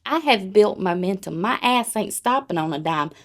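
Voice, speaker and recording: A woman's voice: medium pitch, expressive, moderate pace. A woman, co-hosting a podcast in casual, blunt, profane chat. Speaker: podcast co-host.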